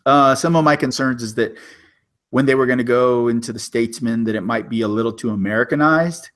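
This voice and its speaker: A man co-hosting a movie review podcast, relaxed and enthusiastic. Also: mid-range voice, a little fast. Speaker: podcast co-host. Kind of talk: casual movie review chat.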